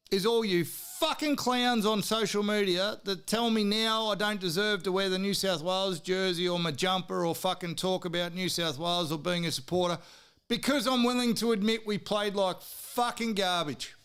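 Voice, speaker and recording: A high-voiced Australian man rants about sport on his podcast. His voice is smooth and clear, even as he swears hard and now and then shouts. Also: moderate pace. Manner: heated, swearing, sometimes shouting. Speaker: podcast host. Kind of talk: profane sports rant.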